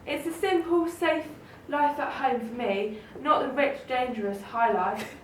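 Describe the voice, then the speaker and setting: Woman playing a kind storybook country mouse, high gentle voice, echoey room. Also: expressive, a little slow, very noisy. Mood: relieved. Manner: warm, welcoming. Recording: roomy, distant mic, faint ambience.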